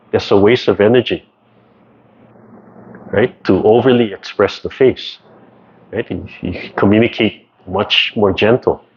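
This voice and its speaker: Over a muffled, lo-fi video call, a man with a fairly low voice leads a tai chi class in a relaxed way, tacking "right?" onto almost every phrase. A bit of background noise can be heard.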